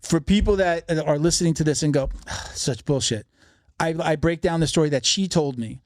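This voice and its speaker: A man who speaks rapidly and a bit high for a man, in loose, profane podcast storytelling. He slips into the voices of the people he quotes as he goes. The sound is close and dry, with no room echo. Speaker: podcast guest.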